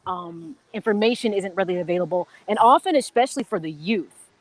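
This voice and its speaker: A woman's voice: mid-range voice, sing-song, a little fast, gravelly, no echo. A woman co-hosting a live sports talk show on location, chatty, with lots of "you know what I'm saying.". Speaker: co-host. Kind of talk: live sports radio chat. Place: golf country club, on location.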